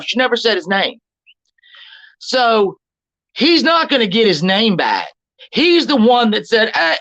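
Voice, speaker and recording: A woman's voice: mid-range voice, fairly bright tone. A woman hosting a livestream, ranting bluntly with lots of swearing and greeting viewers in the chat. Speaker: livestream host. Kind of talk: casual livestream commentary. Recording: dull lo-fi stream audio.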